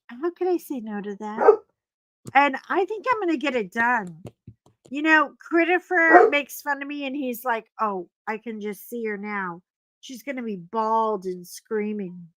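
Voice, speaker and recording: A chatty woman hosts a casual livestream from home, rambling between stories and stopping to coax her dogs. Her voice sits on the high side. The desk mic gives a dry, close sound with no room echo. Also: bright, forceful tone. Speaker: livestream host. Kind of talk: casual livestream chat while coloring.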